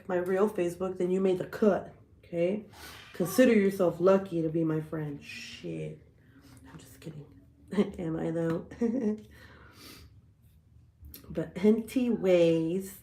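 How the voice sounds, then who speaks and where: A woman's voice: fairly low pitch, a little mellow, reverberant. A woman hosting a casual hangout video, joking and swearing as she rambles, with a cold. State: sick with a cold, coughing. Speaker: vlogger hosting a hangout livestream. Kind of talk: casual chat.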